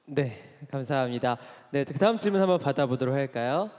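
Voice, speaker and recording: A man moderating a lecture Q&A, briskly and politely moving things on to the next question. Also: medium pitch, animated, a little mellow. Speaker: event moderator. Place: lecture hall. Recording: distant, roomy hall sound.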